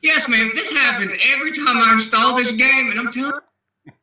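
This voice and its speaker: A man in his twenties telling rowdy, profane stories in a casual, animated way, heard through a laptop mic. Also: extremely high pitch, fairly quick, recorded from a distance. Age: 20s. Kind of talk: casual storytelling. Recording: echoey room, off-mic laptop.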